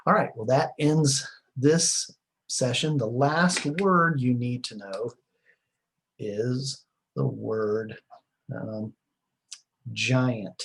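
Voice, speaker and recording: A man's voice: medium pitch, slow, creaky, pauses often, slight background noise. A man lecturing a class in a conversational way, with fillers and short emphatic repeats.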